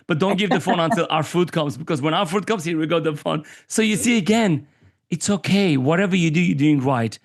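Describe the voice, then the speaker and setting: Animated man from Armenia telling stories. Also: fairly high pitch, brisk. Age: 40s. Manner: animated storyteller who acts out quoted voices. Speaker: podcast guest. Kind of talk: candid conversational interview.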